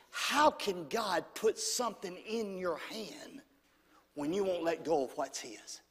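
High-voiced preacher in a reverberant church. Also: male voice, slow, a bit bright, slightly rough. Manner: call-and-response, demanding amens. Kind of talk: sermon. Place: church sanctuary.

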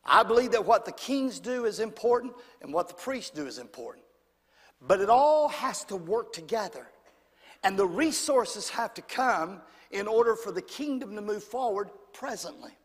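A man's voice: high voice, sing-song, moderate pace, a bit bright, husky. A man preaching a sermon in a church, calling on the congregation to say amen. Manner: call-and-response, demanding amens. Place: church sanctuary. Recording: long church reverb.

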